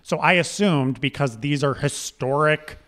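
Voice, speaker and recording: A man with a Pennsylvania accent co-hosts a relaxed comedy podcast. He banters in a dry, stubborn way and holds his ground when teased. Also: a little high, unhurried. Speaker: podcast co-host. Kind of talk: casual comedy podcast chat.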